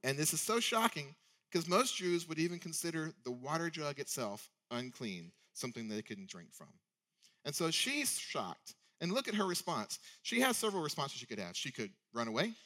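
A man's voice: fairly high pitch, big pitch swings, moderate pace, sharp tone. Conversational male preacher with rhetorical questions. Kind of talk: sermon.

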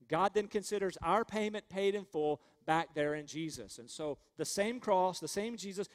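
A male pastor with a notably high voice preaches earnestly, firing off rhetorical questions and leading his congregation to repeat lines back. His words ring out with the long reverb of a large church sanctuary. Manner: earnest, rhetorical questions, leads the crowd in call-and-response. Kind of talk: sermon.

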